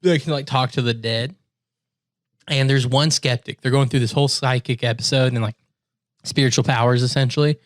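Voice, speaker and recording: A man's voice: medium pitch, fairly even intonation, brisk, dry recording. A young man co-hosting a casual podcast chat, telling stories in a laid-back way, full of "like" and "dude". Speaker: podcast co-host.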